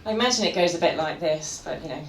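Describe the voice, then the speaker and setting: A woman with a low, animated, fast voice performs live stand-up in a comedy venue, wry and packed with puns as she chats with the audience. The sound is echoey, with crowd noise.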